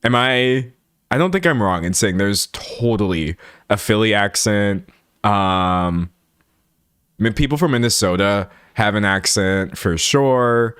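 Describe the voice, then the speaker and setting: A young American man in his twenties talking loosely to his livestream audience, rambling from one thought to the next and laughing as he goes. His voice sits a little low, and the recording is dry and close at a desk mic. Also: animated, measured pace, fairly bright tone, clean tone, no room sound. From United States. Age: 20s. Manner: chatty and rambling, laughs often. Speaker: livestream host. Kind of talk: casual livestream chat with viewers.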